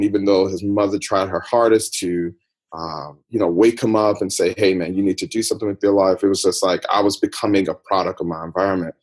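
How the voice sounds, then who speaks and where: A man from the United States, a podcast guest, recounting his life story in a reflective, personal way. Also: lowish voice. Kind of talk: interview storytelling.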